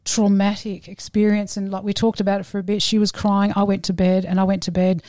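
A woman in her late forties telling personal stories in a casual interview, animated and frank, acting out the voices she quotes. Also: mid-range voice, a little fast, dry recording, clean studio sound. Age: 40s. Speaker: podcast guest.

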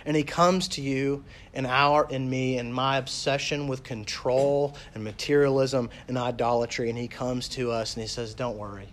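A man preaching a sermon as a pastor, talking casually with lots of "like" and "you know", and reading scripture slowly and softly. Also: medium pitch, little pitch movement, slight background noise. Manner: conversational, with fillers like "like" and "you know".

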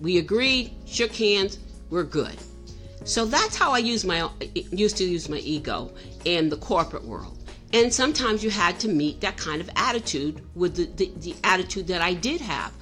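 A woman's voice: fairly low pitch, expressive, normal speed, a bit bright, faint music behind. A middle-aged woman telling a personal story in a candid, self-reflective way, often restarting her sentences.

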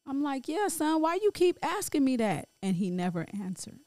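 A middle-aged grieving woman speaking in a halting, emotional personal monologue full of restarts. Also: high-pitched, big pitch swings, a little mellow, dry recording. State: grief-stricken. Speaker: grieving mother sharing her story.

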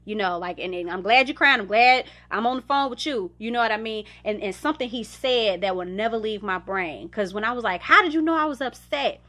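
Young woman, podcast host, candid reflective chat, bright clear tone, laughs now and then. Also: fairly high pitch, expressive, fairly quick, few pauses. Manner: candid, conversational, laughs often. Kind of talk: reflective personal talk.

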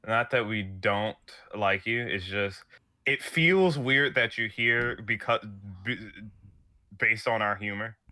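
A man's voice: on the low side, takes it slowly, sharp tone, dry recording, studio quality. A man co-hosting a podcast, joking around in casual banter and laughing often. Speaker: podcast co-host.

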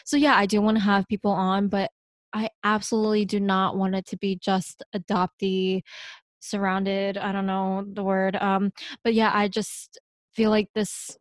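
A young woman from Pennsylvania chats as a podcast guest, spinning lively stories and slipping into the voices of the people in them. Her voice sits at a medium pitch, and the sound is dry and close, with no room around it. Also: normal speed, dry recording. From Pennsylvania, USA. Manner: animated storyteller who acts out what people said. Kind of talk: casual chat.

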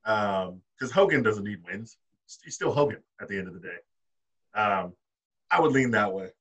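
A man's voice: fairly low pitch, lively intonation, normal speed, a bit bright, dull audio. A man co-hosting a casual wrestling podcast, talking in loose slang and swearing. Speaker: podcast co-host. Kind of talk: casual chat. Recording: husky voice, a bit off-mic.

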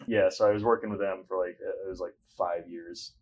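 Deep-voiced young man, laid-back chat. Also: brisk, a crowd in the background. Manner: relaxed, rambling with fillers and sarcastic asides. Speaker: podcast guest. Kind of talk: casual interview chat.

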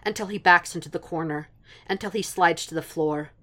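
Woman reading fan fiction out loud, low voice, steady even narration. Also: fairly quick. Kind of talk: audiobook narration.

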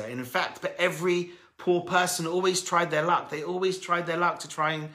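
A man teaching through stories in a sermon, animated and emphatic, who addresses his listeners as friends. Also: medium pitch. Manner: animated, emphatic storyteller who builds to loud peaks. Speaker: religious teacher. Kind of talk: storytelling sermon. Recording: echoey room.

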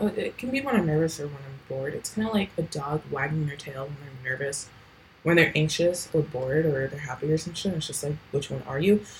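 A woman's voice: low voice, slight background noise, low-quality recording. A teenage girl talking casually on her own podcast at home, rambling with lots of fillers and casual swearing. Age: late teens. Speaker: podcast host. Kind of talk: casual solo podcast chat.

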